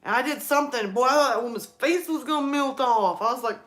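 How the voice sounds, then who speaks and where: A woman's voice: high voice, quick pace. Chatty woman rambling on a live stream. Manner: chatty, rambling, animated storytelling. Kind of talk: casual live stream chat.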